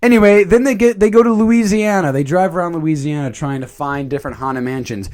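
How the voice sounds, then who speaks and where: A man's voice: fairly high pitch, a little fast, hardly any pauses. A man reviewing a movie in a casual, jokey commentary. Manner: animated, jokey, slips into silly voices.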